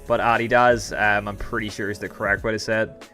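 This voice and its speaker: A man's voice: lowish voice, flat delivery, brisk, pushed and bright, faint music behind. A young Irish man hosting a live stream, chatting casually and rambling as he answers viewers' comments. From Ireland. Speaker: livestream host.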